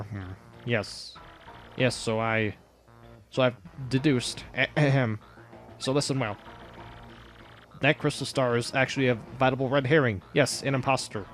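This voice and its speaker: A pompous, theatrical male villain officer from a video game, as a man acts him out. He speaks with a grand air at an average pitch, faint music behind. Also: lightly acted.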